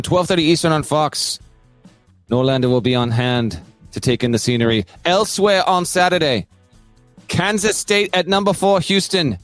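A man's voice: high voice, a bit bright, dry recording. A man co-hosting a sports podcast in a put-on Australian accent, joking as he rattles off game listings. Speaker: podcast co-host. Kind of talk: casual sports podcast chat.

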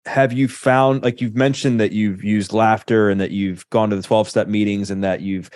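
Young male podcast host, low-pitched, earnest and rambling, dry close mic. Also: fairly even intonation, moderate pace, darkish tone, dry recording. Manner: earnest, rambling questions full of "like". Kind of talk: interview questions.

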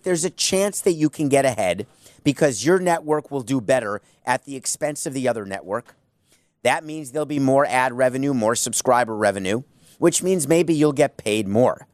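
A man's voice: mid-range voice, dry recording. A man hosting a sports talk show, arguing his point with rhetorical questions and emphatic asides. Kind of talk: opinionated sports talk monologue.

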